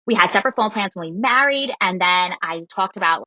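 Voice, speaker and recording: A woman's voice: medium pitch, brisk, hardly any pauses, no echo, dull audio. A woman in her thirties telling a personal story on a podcast in casual chat, acting out what others said. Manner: animated, quotes people in her story. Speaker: guest storyteller.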